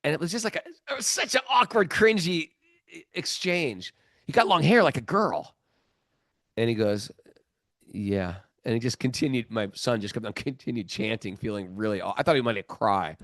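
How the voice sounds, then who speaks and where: A middle-aged man tells a story on a podcast, acting out each person's lines in a lively, playful way. His voice sits at an ordinary pitch. The sound is dry and close, with no room around it. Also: moderate pace, no echo. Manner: animated storyteller, acting out quotes, laughs often. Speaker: podcast host. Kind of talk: casual storytelling on a spiritual podcast.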